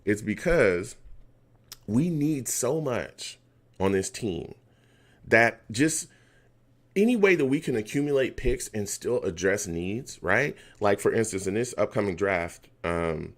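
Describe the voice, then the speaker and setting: A man's voice: lowish voice, takes it slowly. A man hosting a live fan reaction stream for a football game, reading chat comments aloud and ranting heatedly about play calls. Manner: animated, heated rants at the team.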